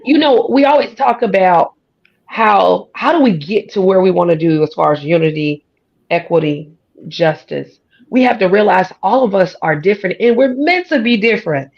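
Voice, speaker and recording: Country twang lady, kinda gravelly voice, folksy and emphatic, muffled lo-fi sound. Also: mid-range voice, expressive, moderate pace. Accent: American country twang. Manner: folksy, emphatic, talks with a drawl. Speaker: guest. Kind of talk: casual conversation. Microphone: studio or podcast mic.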